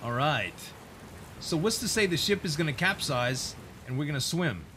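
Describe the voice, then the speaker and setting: A man's voice: on the high side, expressive, moderate pace, pushed and bright, slight background noise. Playful male gaming host. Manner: casual, playful. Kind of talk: let's play commentary. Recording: game music behind.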